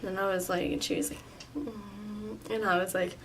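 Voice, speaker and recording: A woman in her twenties telling a storytime vlog, animated and full of "like", with some swearing. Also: mid-range voice, slow pace, pauses often, far from the mic, slight background noise. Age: 20s. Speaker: vlogger.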